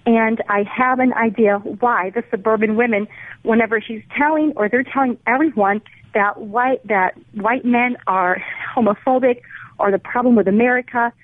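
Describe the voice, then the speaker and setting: A woman's voice: on the high side, moderate pace, dry recording. A woman calling in to a radio talk show, hesitant at first and earnest in her views. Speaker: caller. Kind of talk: call-in radio conversation. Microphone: telephone. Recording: tinny phone line.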